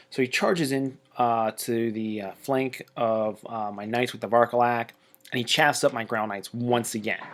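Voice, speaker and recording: A man narrating a tabletop wargame battle report in a casual, chatty way, with excitable jokey asides. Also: medium pitch.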